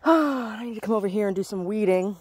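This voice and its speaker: A woman's voice: mid-range voice, fairly quick, darkish tone, husky, dry recording. A woman vlogging casually as she walks her backyard garden, muttering to herself and cooing at her chickens. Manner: chatty, muttering to herself, sing-song baby talk to animals.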